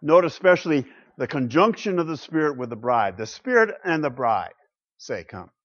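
Pastor preaching; man with a fairly high voice, dramatic shifts between loud and hushed, muffled recording. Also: sing-song, moderate pace. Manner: rhetorical questions, swings from loud to hushed. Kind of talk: sermon. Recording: muffled lo-fi sound.

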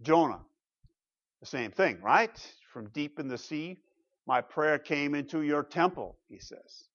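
A man's slightly high voice carries through a dull, muffled recording. He preaches as a pastor, emphatic and conversational, often turning to the congregation with quick asides. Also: lively intonation, a bit bright. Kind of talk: sermon.

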